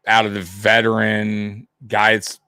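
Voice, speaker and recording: A man co-hosting a casual live football watch party, talking in a loose, animated way, laughing often and repeating himself. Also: fairly low pitch, unhurried, no echo, studio quality. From half Italian heritage. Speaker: co-host of a sports watch-party stream.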